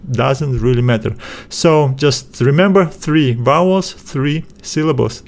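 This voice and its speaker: Slow, deliberate male teacher. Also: medium pitch, a little mellow. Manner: slow and deliberate, syllable by syllable, many "uh" fillers. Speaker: Greek language teacher. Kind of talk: slow explanatory lesson.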